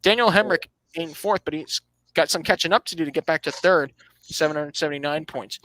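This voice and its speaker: A man hosts a casual motorsport podcast, reading out standings and offering opinions with dry sarcasm while often restarting his phrases. His voice is fairly high and fairly bright, his pace fairly quick, and the recording rough.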